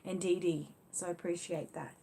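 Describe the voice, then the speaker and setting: A woman's voice: fairly low pitch, steady tone, normal speed, warm tone, breathy edge. An Australian woman hosting a casual live stream. She talks in a loose, chatty way, answering viewers as she goes. Her phrasing is full of easy fillers and friendly asides. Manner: chatty, leans on "you know" fillers. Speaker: livestream host. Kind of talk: casual live chat reading viewer comments.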